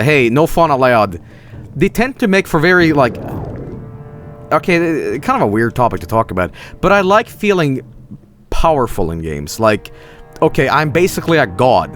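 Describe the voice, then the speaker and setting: A man's voice: medium pitch, very animated, normal speed, fairly bright tone, soft background music. A man giving casual, rambling gameplay commentary as a streamer, swearing and laughing often.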